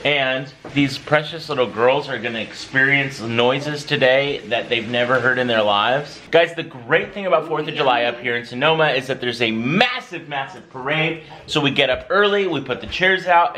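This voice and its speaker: A man's voice: mid-range voice, moderate pace, few pauses, bright, forceful tone, rough recording. A man in his thirties, a father chatting upbeat and direct to viewers in a casual family vlog. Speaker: vlogger and father.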